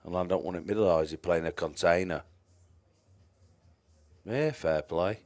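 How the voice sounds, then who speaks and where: Bloke commentating pool on a stream, really deep voice, chatty, says hi to everyone. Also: male voice, normal speed, darkish tone. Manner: chatty, greets viewers by name, mumbles asides. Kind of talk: casual live-stream commentary.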